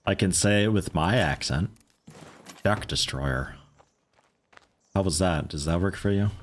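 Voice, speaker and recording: A man with a low voice talks briskly while streaming a game. His casual gameplay commentary rambles along, full of joking asides to his chat.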